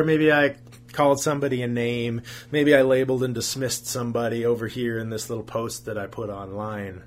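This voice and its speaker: A man's voice: mid-range voice, moderate pace. A man preaching a sermon as a pastor, earnest, asking rhetorical questions and repeating phrases for emphasis.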